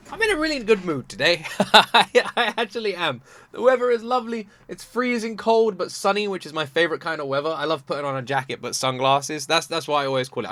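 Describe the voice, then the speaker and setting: A man hosting a reaction video from home, gushing and animated, stumbling over his words as he talks. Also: medium pitch, no echo. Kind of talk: excited casual reaction commentary. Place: room at home by a sunny window.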